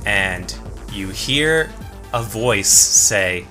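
A man narrating as game master of a tabletop game, relaxed and chuckling. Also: low-pitched, slow pace, soft background music.

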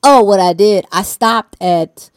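A woman's voice: medium pitch, slow pace, clear, resonant tone, no room sound. A woman telling a personal story in casual conversation, rambling with many fillers and free swearing. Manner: slangy, hesitant.

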